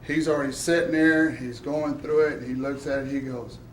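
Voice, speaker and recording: A man telling his story at a press event, excited and laughing, acting out the voices of the people he quotes. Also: medium pitch, brisk, distant mic, a little hiss or hum. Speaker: lottery winner at a check presentation. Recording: echoey room.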